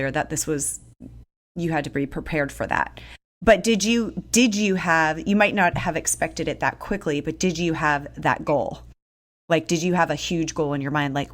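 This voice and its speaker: A woman podcast host, eagerly asking a guest questions and rephrasing them as she goes. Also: fairly low pitch. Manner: enthusiastic, circling questions with restarts. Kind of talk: interview questions, casual.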